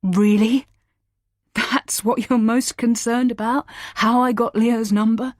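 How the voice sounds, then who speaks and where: A woman's voice: fairly low pitch, moderate pace, darkish tone, husky, dry recording, studio quality. Woman voicing a bitter, tearful young man. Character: young man, desperate, furious and grieving.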